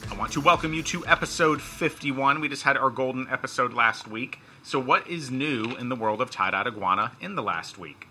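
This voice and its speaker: A man's voice: medium pitch, animated, a little fast, few pauses, music in the background. A middle-aged man, hosting a casual podcast, joking and rambling. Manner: joking, rambling, laughs at own jokes. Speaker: podcast host. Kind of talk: casual chat.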